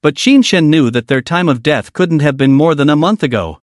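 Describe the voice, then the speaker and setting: Man narrating a story recap with lively pitch. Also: moderate pace, few pauses, no room sound, clean studio sound.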